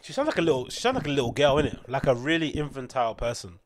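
A man's voice: mid-range voice, sing-song, rapid-fire, crowd noise. A man with a British accent, hosting a rambling solo podcast with opinionated commentary full of fillers and digressions. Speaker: podcast host.

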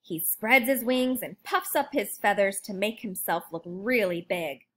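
A woman reading a children's picture book aloud in an expressive, lively way. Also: mid-range voice, measured pace. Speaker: storybook narrator. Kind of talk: children's storybook read-aloud.

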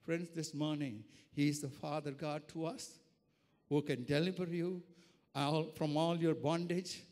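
A man with a high voice preaches a sermon in a church, sharing an earnest testimony and then rising into fervent proclamation. His words ring out with a long reverberant tail from the large hall around him. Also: steady tone, unhurried, darkish tone. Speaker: pastor. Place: church sanctuary.

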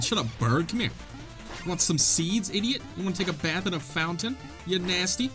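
A young man giving casual, excitable gameplay commentary, swearing and trash-talking the enemies. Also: high voice, moderate pace, over music. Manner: excitable, profane, jokey trash talk. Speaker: gaming video host.

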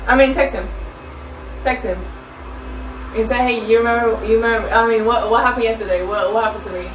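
A woman's voice: a little high, steady tone, fairly quick, noisy background. Young woman demanding answers, echoey distant room. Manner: demanding, accusing, repeats herself. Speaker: girlfriend. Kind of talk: casual argument.

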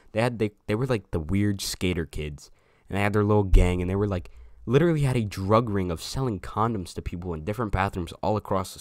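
A man's voice: low-pitched, darkish tone, dry recording, studio quality. A young man telling a casual storytime to his viewers, loose and slangy, swearing freely. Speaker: storyteller vlogger.

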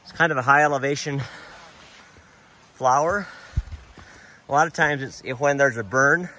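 A middle-aged American dad vlogging a family hike chats casually as he climbs a mountain trail, slightly out of breath and rambling about the ascent while admiring nature. His voice is mid-range at a moderate pace, with a bit of hiss or hum on the recording.

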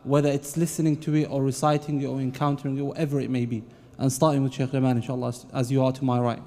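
A man moderating a panel, friendly and unhurried, putting questions to the guests. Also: medium pitch, flat delivery, dark tone. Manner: friendly and unhurried, with religious phrases. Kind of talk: hosting a panel Q&A. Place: event hall at an Islamic centre. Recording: long hall reverb.

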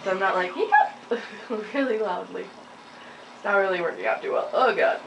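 A young woman giving casual, rambling gameplay commentary, giggling often and filling pauses with ums, a little sleepy with hiccups. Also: medium pitch, gravelly, fairly bright tone. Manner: rambling, giggly, many fillers. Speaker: gaming channel host. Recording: distant mic with faint noise.

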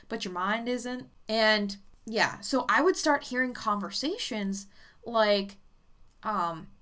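Bright-voiced, blunt-talking woman medium. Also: a little high. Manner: chatty, blunt, swears freely. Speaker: psychic medium. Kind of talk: casual vlog talk.

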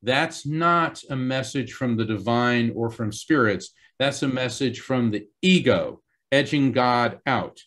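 A man's voice: medium pitch, measured pace, hardly any pauses, fairly bright tone. Earnest man telling a story. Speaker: psychic guest. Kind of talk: storytelling in an interview.

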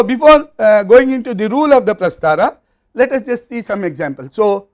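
A man with an Indian English accent delivers a university lecture. His voice sits notably high for a man, and he works through each step in a measured, explanatory way, pausing on fillers and restarting phrases. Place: recording studio or classroom.

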